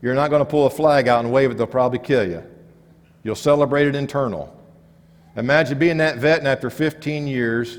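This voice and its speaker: A man preaching a sermon, rising for emphasis and dropping to quiet, low stresses. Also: a little hiss or hum. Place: church sanctuary. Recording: long church reverb.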